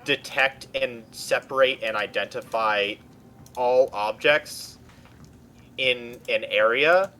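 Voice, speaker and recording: A man's voice: medium pitch, pushed and bright, a little hiss or hum. A man chatting with a streamer over voice chat, often restarting his sentences as he builds his point. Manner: halting, restarts often while building an argument. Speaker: voice chat guest. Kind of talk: casual chat.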